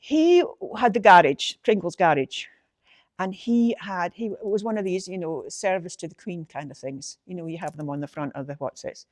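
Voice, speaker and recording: A woman's voice: medium pitch, darkish tone, no echo. An older woman from North-East Scotland with a lilting Doric accent, reciting a dialect poem and then telling family stories in a chatty, laughing way. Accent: Scottish, North-East Doric. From Ballater, Aberdeenshire, Scotland. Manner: lilting, chatty, laughs often, restarts sentences. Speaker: storyteller sharing family memories. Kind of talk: poem recital and reminiscing talk.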